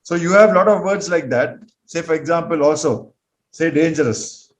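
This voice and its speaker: A man's voice: on the high side, moderate pace, rough recording. Patient male English teacher drilling words. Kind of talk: classroom grammar lesson.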